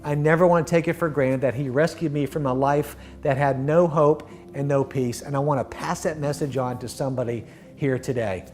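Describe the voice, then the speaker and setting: A middle-aged man telling his personal faith testimony in an earnest, heartfelt way, often dropping to a soft hush at the end of a thought. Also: mid-range voice, steady tone, fairly quick, soft background music. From Florida. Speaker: guest sharing his testimony.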